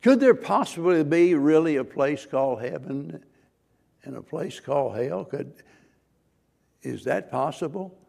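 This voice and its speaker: Gravelly preaching pastor, man. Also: a little high, animated, unhurried. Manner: earnest, questioning, preaching with sudden loud emphasis. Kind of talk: sermon.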